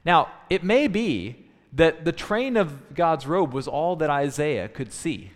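A man's voice: fairly high pitch, lively intonation, unhurried. A man preaching a sermon, teaching in a thoughtful tone with frequent restarts. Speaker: pastor. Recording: long hall reverb.

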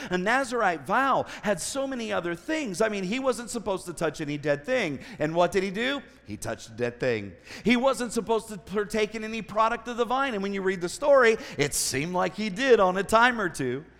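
Male traveling preacher, storytelling sermon, very lively pitch, echoing sanctuary. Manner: animated storytelling with asides and voiced quotes. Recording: long hall reverb.

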